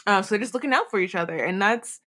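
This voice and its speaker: A woman's voice: mid-range voice, animated, fast, bright, forceful tone. A woman co-hosting a podcast, talking through a book chapter in a loose, rambling way with lots of fillers and restarts. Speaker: podcast co-host. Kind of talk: casual book discussion.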